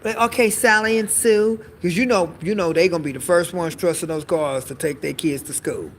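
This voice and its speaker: A man giving a casual comedic monologue as a vlogger, animated and sassy, swearing freely and calling his viewers honey. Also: sits high, normal speed, a little hiss or hum, low-quality recording.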